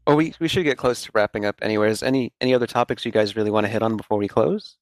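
A woman's voice: rumbling low, rapid-fire, dry recording. A woman hosting a casual game podcast, easygoing and steering the talk. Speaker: podcast host.

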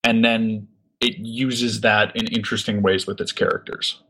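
A man talking in a thoughtful, measured way during a casual discussion. His voice sits fairly low. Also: flat delivery, sharp tone.

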